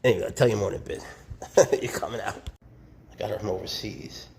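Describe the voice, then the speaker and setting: A man with a low, gravelly voice gives a casual show-and-tell about his snakes. He chats and jokes easily and turns soft and tender when he talks to the animals. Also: brisk, a little hiss or hum. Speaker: snake keeper.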